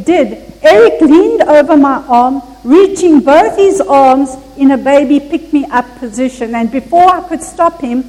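Slow, earnest woman preacher in a reverberant hall. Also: high-pitched, darkish tone. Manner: earnest, measured storytelling with some slips. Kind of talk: Christmas sermon with a read story.

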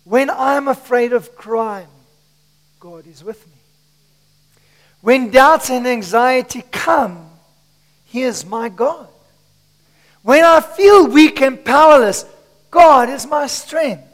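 Male pastor, very high voice, strained from shouting, passionate sermon, long church-hall reverb. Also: takes it slowly, pauses often. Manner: impassioned preaching, shifting between shouts and hushed asides. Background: congregation.

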